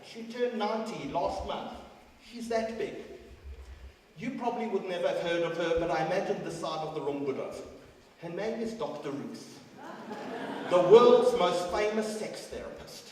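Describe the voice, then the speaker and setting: A middle-aged man giving a speech and telling stories, swinging dramatically between loud and quiet. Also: sits high, moderate pace. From South Africa. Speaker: guest speaker. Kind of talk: storytelling speech. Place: large school hall. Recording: echoey hall from far off.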